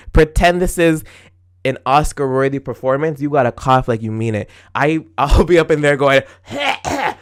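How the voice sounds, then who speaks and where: A young man in his 20s rants solo on his own podcast, his mid-range voice smooth. He's animated and exclamatory, laughing often and acting out his own comebacks as quoted asides.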